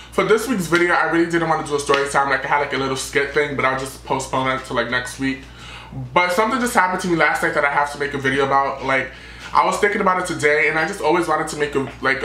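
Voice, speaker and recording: Brief: young male vlogger, fast and bright, animated storytime rant, echoey room. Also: fairly high pitch, slight background noise. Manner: animated, dramatic retelling with quoted voices.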